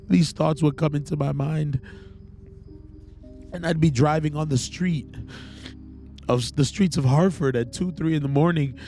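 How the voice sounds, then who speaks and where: A man hosting a podcast, telling a personal faith testimony in an earnest, halting, emotional way. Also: on the high side, steady tone, warm tone, soft background music. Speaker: podcast host.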